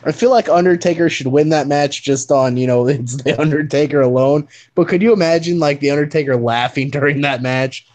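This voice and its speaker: A man's voice: a little high, brisk, hardly any pauses, a little mellow. A man co-hosting a podcast in casual chat, telling stories with laughs and swearing. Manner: laughing, profane storytelling. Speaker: podcast co-host.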